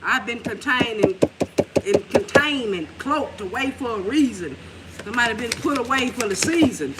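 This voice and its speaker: A woman's voice: fairly high pitch, animated, moderate pace. A woman giving a casual tarot reading at home, talking in a loose, rambling way with plenty of swearing and laughter. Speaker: tarot reader. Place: room at home. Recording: noisy home recording.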